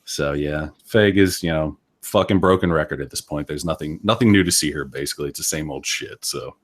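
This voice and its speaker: A man's voice: rumbling low, fairly quick. A man co-hosting a casual podcast, laid-back and sardonic, laughing often. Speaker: podcast co-host.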